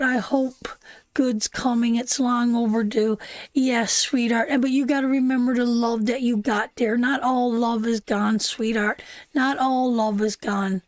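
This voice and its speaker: A woman's voice: a little high, dry recording. A woman giving a live tarot reading in a soothing, repetitive way, calling the listener sweetheart and answering chat messages. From Canada. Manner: soothing, repeats "sweetheart", reads chat aloud. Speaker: tarot reader.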